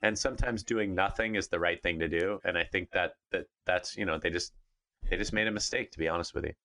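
A man who used to be a pitcher gives candid opinions on a casual sports podcast, repeating himself as he talks. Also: brisk, bright, forceful tone. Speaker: podcast co-host, former pitcher.

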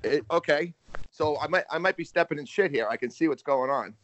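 A man's voice: a little high, brisk, a bit bright, no echo. American male caller, cocky joker, dull dry phone sound. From United States. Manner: wisecracking, swears freely. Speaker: phone guest. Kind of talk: casual phone chat. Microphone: phone call. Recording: dull phone-call audio.

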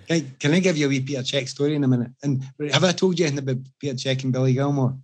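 Scottish man, husky voice, animated storyteller, casual chat, self-mocking. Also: medium pitch, racing. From Scotland.

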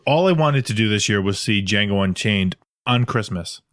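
His voice is lowish and his pace moderate, captured in a dry, clean studio recording. While co-hosting a podcast, he relates a story casually and brings the quotes to life with energetic delivery.

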